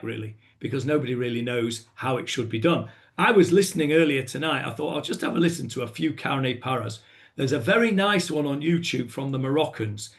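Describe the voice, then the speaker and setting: Chatty man teaching, with many fillers. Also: a little high. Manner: chatty with many fillers, breaks into chanting and acted exclamations. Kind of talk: informal lesson on chanting a scripture reading.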